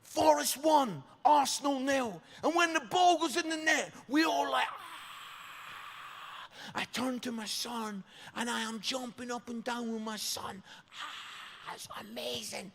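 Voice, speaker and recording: A Scottish pastor in his fifties tells a funny story from the pulpit, animated and fond of a questioning "yeah?". His voice sits high for a man and has a gravelly edge. It rings with the long reverb of a church hall. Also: moderate pace. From Scotland. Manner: animated, comic, tags lines with "yeah?". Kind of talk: sermon storytelling.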